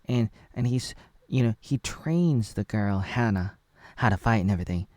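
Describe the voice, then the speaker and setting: A man's voice: on the low side, lively intonation, normal speed, a little mellow, no echo. An American man in his thirties rambling through a spoiler recap of a TV episode, with many asides and fillers. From United States. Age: 30s. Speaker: video reviewer.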